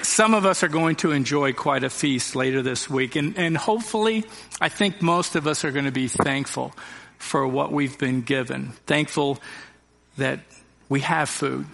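Gravelly male pastor in a reverberant church. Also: mid-range voice, normal speed, a bit bright, some chatter behind. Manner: earnest, addresses the congregation directly with rhetorical questions. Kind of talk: sermon. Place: church sanctuary. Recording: long reverb of a church hall.

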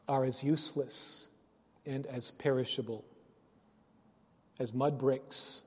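A man preaching a sermon, earnest, rising to loud emphasis and dropping to hushed phrases. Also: mid-range voice, slightly rough. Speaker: pastor. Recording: long reverb of a hall.

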